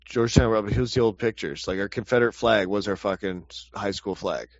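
A man's voice: on the low side, brisk, no echo, dull audio. A man in casual chat, rambling and cursing with frequent restarts as a co-host. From Canada. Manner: rambling, profane, laughs often.

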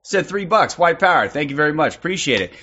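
Man streaming with brisk shout-outs. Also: fairly high pitch, sing-song, breathy edge, muffled recording. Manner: rapid shout-outs, profane, loose. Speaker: livestream host. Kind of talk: casual livestream chat.

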